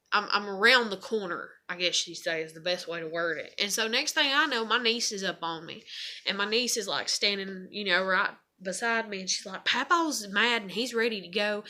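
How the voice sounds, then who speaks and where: Bright-voiced, profane woman venting. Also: mid-range voice. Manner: profane, rambling, constant "you know" fillers; frustrated and venting. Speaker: mother telling a personal story. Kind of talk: casual storytelling vlog.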